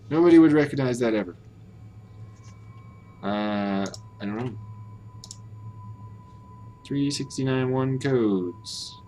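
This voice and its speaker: A man's voice: mid-range voice, mellow, slight background noise. A man streaming a game, thinking aloud and muttering as he puzzles over how to pronounce Japanese words. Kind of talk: casual think-aloud while reading game text.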